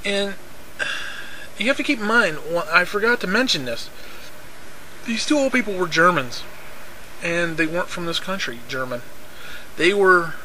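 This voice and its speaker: A man's voice: high voice, sharp tone, a little hiss or hum, low-quality recording. A man telling a rambling, profane story in a casual way, repeating himself and laughing often.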